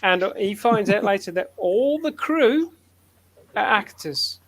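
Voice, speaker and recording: A man's voice: high voice, lively intonation, slow, fairly bright tone. A man hosting a casual group chat on a call, rambling and hesitant with many fillers. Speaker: host.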